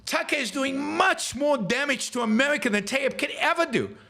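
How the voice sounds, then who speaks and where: A man's voice: very high-pitched, expressive, moderate pace, creaky, pushed and bright. A man hosting a live show, ranting emphatically and heatedly about public figures. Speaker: podcast host.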